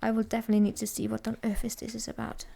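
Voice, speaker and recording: A woman's voice: a little high, monotone, rapid-fire, vocal fry, dark tone, slight background noise. A woman giving a casual, chatty tarot reading to viewers, teasing and laughing as she talks, often restarting her sentences. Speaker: tarot reader.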